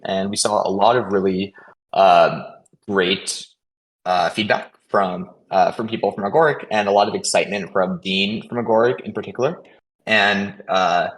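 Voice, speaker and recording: A man with a fairly low voice gives a casual update on a community voice call. He talks fast and stumbles often, restarting words and filling pauses with "um" and "uh.". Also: poor audio. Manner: hesitant, many fillers and restarts; fast, caffeinated talk. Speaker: protocol contributor hosting a community call.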